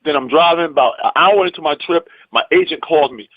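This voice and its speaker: A comedian telling a story in a lively, emphatic way, acting out the people in it. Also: male voice, on the high side, a little fast, dry recording, lo-fi sound. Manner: lively, emphatic, acts out the people in his stories. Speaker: comedian and actor guest. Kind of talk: animated storytelling.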